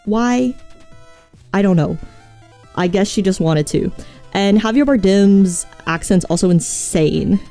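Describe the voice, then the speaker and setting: A woman's voice: medium pitch, lively intonation, slow, long pauses, warm tone, soft background music. A woman streamer in casual chat, rambling about films and answering viewers' messages. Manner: chatty, rambling, reads chat aloud. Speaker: vtuber streamer.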